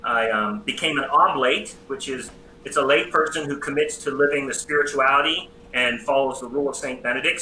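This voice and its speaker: A middle-aged American man, a priest and psychology professor, tells his story as an interview guest with lively, self-deprecating humor. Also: mid-range voice. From United States. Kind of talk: personal testimony in a casual interview. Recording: roomy echo with faint background noise.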